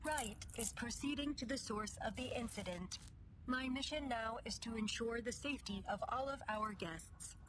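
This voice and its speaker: A woman's voice: fairly high pitch, normal speed, background noise, natural voice. A woman voicing a formal, loyal female android security guard in a video game, speaking in a precise, composed way. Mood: composed, dutiful.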